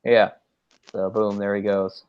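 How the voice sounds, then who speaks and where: A man's voice: on the low side, flat delivery, a little slow, smooth. Male commentary co-host, easygoing chatter, dull lo-fi sound. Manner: chatty, mimics characters in quotes. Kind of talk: casual movie commentary.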